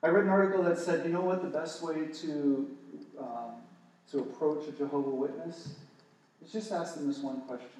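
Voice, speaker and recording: A man teaching the Bible to a small group, excited and often restarting his words. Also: fairly high pitch, moderate pace. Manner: enthusiastic, stumbling restarts. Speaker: preacher. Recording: echoey distant room recording.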